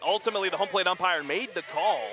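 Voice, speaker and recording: A man calling a high school softball game play-by-play, getting quick and excited during close plays. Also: a faint crowd. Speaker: play-by-play announcer. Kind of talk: live sports commentary.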